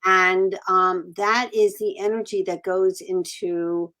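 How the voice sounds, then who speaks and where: A woman host cuts in to explain, stressing her points with rhythmic repetition. Her tone is instructive and conversational. Her voice sits at an ordinary middle pitch. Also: steady tone, slow, bright, forceful tone. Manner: emphatic and explanatory, breaking in to add context. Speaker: podcast host. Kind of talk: interview conversation.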